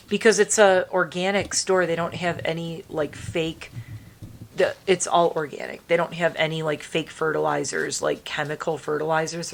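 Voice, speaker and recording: Low gravelly woman chatting to viewers. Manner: rambling, talks to viewers with restarts. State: allergy-strained throat. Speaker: beauty vlogger. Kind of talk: casual chatty vlog. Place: indoors at home.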